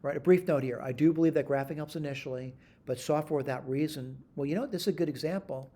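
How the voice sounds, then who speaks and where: Mellow-voiced man thinking aloud through math. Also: a little high, very fast. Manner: thinks aloud, self-correcting, frequent "all right?". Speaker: math instructor. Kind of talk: screen-recorded math tutorial.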